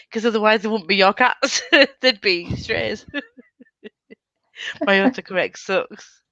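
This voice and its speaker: A woman's voice: medium pitch, takes it slowly, long pauses, bright, forceful tone, no echo, lo-fi sound. A woman with an English Midlands accent, chatting casually and giggling often, playfully mimicking accents. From England. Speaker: booktube host. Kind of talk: casual video call chat.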